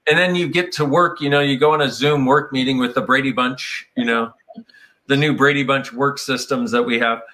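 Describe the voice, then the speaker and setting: Bright-voiced man in a meandering talk. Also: medium pitch, steady tone, fairly quick. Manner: meandering, reflective, slips into playful quoted voices. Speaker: speaker on personal growth. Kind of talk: casual conversational talk.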